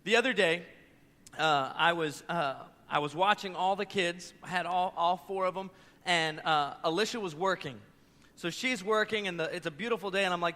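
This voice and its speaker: A man in his thirties preaching a sermon as pastor, telling stories in an animated way and voicing the quotes. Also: high-pitched, moderate pace. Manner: animated storytelling with voiced quotes. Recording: echoey church hall.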